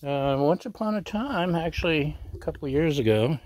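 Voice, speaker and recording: His voice is on the high side with lively intonation and a normal pace. Hosting a cooking channel outdoors at a griddle, he keeps things chatty and playful, teasing the viewer with recurring asides over a loud sizzle.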